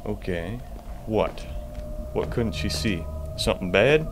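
A man's voice: mid-range voice, normal speed, background noise. A man giving jumpy, profane commentary to himself while playing a horror game. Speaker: gamer.

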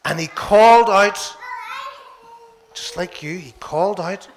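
A man with a Northern Irish accent, a minister telling a Bible story to children in church, playful and animated. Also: sits high, slow pace, slight background noise.

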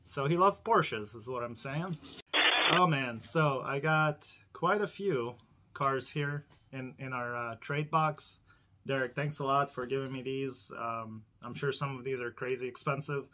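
A man's voice: mid-range voice, unhurried, sharp tone, slight background noise. A man hosting a casual unboxing vlog indoors, rambling and chatting to viewers with frequent laughs. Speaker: diecast collector channel host.

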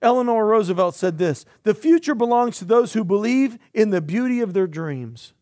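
A middle-aged man delivers a sermon from the pulpit in a notably high voice. He tells stories with lively energy, rising to loud bursts and dropping to quiet asides. The sound is dry and close, with little room reverb. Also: moderate pace. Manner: animated storytelling, swinging from loud to hushed. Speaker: pastor. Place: church.

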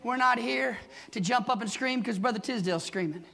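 A man preaching a fervent Pentecostal sermon, shouting in rhythmic bursts and tagging lines with "huh?". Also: extremely high pitch, fairly quick, creaky, noisy background. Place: church sanctuary. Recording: live church with congregation behind.

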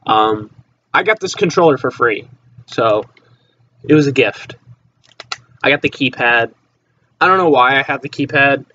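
A teenage boy talks to his viewers in a loose, rambling way, drifting between thoughts and swearing casually. His voice sits at an ordinary pitch for a young man. The laptop microphone gives it a dull, lo-fi sound with a faint hiss behind it. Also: animated, measured pace, pauses often, sharp tone. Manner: rambling, offhand, swears casually, trails off into mutters. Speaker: vlogger. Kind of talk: casual rambling chat to camera.

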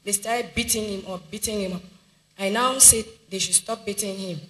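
A woman's voice: mid-range voice, steady tone, normal speed, fairly bright tone, roomy sound, low-quality recording. A woman with a Nigerian accent giving an earnest church testimony, telling events plainly. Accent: Nigerian English.

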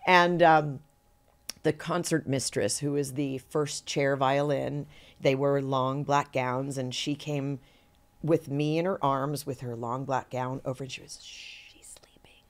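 A woman's voice: extremely low pitch, slow. A middle-aged woman, a guest actor, telling anecdotes in an interview and acting out the voices of people she quotes. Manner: animated storyteller who acts out quoted voices.

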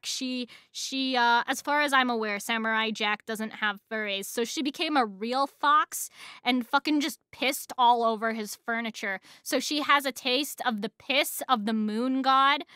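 A woman streamer riffing on a video in a playful, giggly way, full of crude jokes. Her high, bright voice sounds close and dry, and she talks at an unhurried pace. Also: clean tone, no echo. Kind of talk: casual reaction commentary.

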